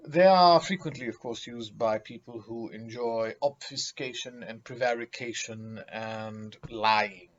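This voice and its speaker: A man's voice: mid-range voice, measured pace, few pauses, muffled recording. A man giving a vocabulary lesson, speaking emphatically and theatrically, mocking vague words with acted examples. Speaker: teacher.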